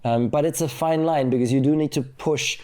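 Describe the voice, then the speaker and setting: A man in his thirties, a former racing driver, telling stories as an interview guest in a lively, animated way. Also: a little high, brisk. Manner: animated, acts out quotes, frequent fillers. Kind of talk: conversational storytelling interview.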